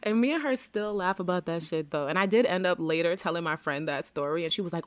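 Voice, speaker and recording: A young woman in her twenties telling a story on a podcast, animated and profane, laughing often and acting out quotes. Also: on the low side, fast, few pauses, no echo. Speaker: podcast co-host. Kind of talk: casual storytelling chat.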